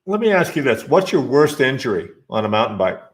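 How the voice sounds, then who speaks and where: A man's voice: mid-range voice, very animated, brisk. A man in his sixties hosting a casual podcast interview, asking questions and ribbing his guest with blunt humor. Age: 60s. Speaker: podcast host.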